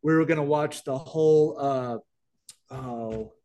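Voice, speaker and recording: Taking it slowly in a mellow, mid-range voice, this middle-aged man co-hosts a podcast. The talk is a casual chat, rambling with plenty of restarts.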